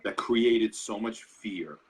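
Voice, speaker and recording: Low husky man, earnest guest. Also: takes it slowly, rough recording. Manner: earnest, reflective, repeats words. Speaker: guest astrologer. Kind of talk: interview talk.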